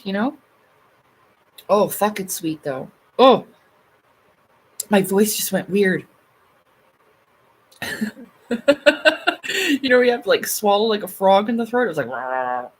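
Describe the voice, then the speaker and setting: A woman's voice: mid-range voice, slightly rough, low-quality recording. A woman hosting a casual livestream, chatting loosely with her viewers, full of fillers and swearing freely. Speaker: livestream host. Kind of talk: casual live chat reading comments.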